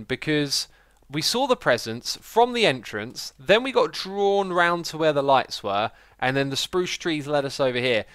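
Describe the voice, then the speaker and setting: Lively, chatty male game streamer. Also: fairly high pitch, no room sound. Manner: chatty and excitable, bursts of laughter. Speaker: livestreaming gamer. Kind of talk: casual gameplay commentary.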